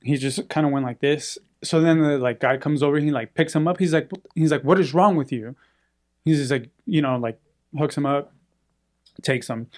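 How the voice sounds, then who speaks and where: A man's voice: on the high side, moderate pace. A man telling a story in casual chat, acting out the people in it. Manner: animated, acts out quoted voices.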